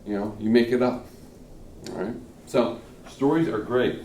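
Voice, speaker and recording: A man's voice: mid-range voice, a little slow, darkish tone. A middle-aged man teaching a class on giving speeches, chatty and casual, checking in with "okay?" and acting out the audience's reactions. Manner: conversational, peppered with "okay?" checks and acted-out reactions. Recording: roomy classroom audio from a distant mic, faint room noise.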